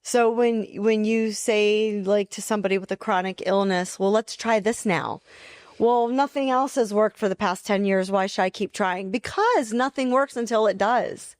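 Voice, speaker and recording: A woman co-hosting a podcast, chatty and animated, laughing easily between points. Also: mid-range voice, moderate pace, no room sound, clean studio sound. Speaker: podcast co-host, nurse. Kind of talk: casual podcast chat.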